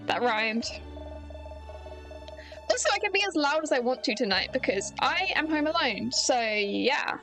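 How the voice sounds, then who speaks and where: A woman's voice: high voice, lively intonation, unhurried, long pauses, fairly bright tone, faint music behind, rough recording. A woman game streamer at home, chatty with self-deprecating asides, currently ill. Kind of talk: casual let's-play commentary.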